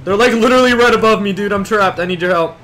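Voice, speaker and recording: A young man hosting a casual gameplay video, excitable and swearing, with panicky outbursts. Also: high-pitched, fast talker, soft background music. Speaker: gaming video host.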